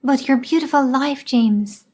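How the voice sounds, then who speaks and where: A woman's voice: high voice, unhurried, darkish tone, voice pushed up. Woman voicing grieving wife, pleading, in a storybook reading.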